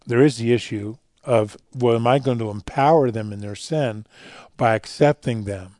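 A man speaking as a guest in a radio interview, telling stories earnestly and dropping quiet for the emotional parts. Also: medium pitch, moderate pace, no echo, clean studio sound. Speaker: guest speaker on fatherhood and faith.

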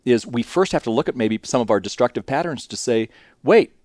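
Expressive male radio host. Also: mid-range voice, a little fast, no echo, clean studio sound. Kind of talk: radio talk show hosting.

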